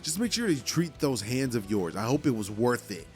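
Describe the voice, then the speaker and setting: A man's voice: medium pitch, very animated, moderate pace, darkish tone, soft background music, close to an everyday voice. An earnest, determined teenage hero boy with fire powers, speaking bluntly, voiced by a male narrator in a fan-made story. The voice sits in an ordinary middle range, close to the narrator's own.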